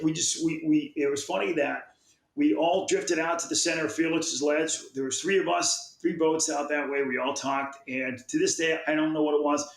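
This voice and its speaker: In a reverberant, low-quality recording, a fishing magazine publisher tells a long, meandering story while chatting casually. His fairly high voice keeps doubling back, with frequent restarts and repeated words.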